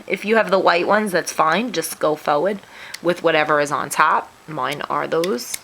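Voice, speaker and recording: A woman's voice: fairly low pitch, expressive, normal speed, creaky, sharp tone, a little hiss or hum, poor audio. A woman hosting a craft tutorial, walking through each step in a chatty, self-deprecating way while sniffling. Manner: chatty, self-deprecating, talks through her hands-on work.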